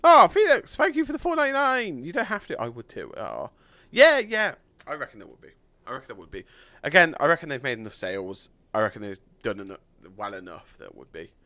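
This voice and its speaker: A man chatting on a live game stream, thanking donors with lots of fillers, a little hoarse from losing his voice. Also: fairly low pitch, huge pitch swings, a little fast, sharp tone, dry recording.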